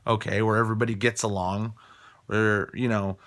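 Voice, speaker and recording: A man's voice: lowish voice, level tone, normal speed, a bit bright. A man from Colorado delivering a heated, profane opinion rant, hammering points home by repeating phrases. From Colorado, USA. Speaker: political commentator.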